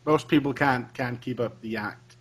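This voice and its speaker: A man's voice: mid-range voice, moderate pace. A man hosting a casual podcast chat, agreeable, often chiming in with short replies.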